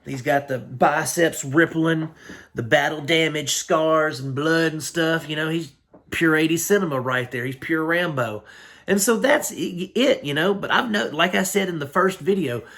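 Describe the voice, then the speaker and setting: Guy reviewing an old action movie, slangy and rambly, kinda high voice. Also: moderate pace, fairly bright tone. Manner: rambling, slangy, with lots of fillers. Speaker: film reviewer. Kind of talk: casual movie recap.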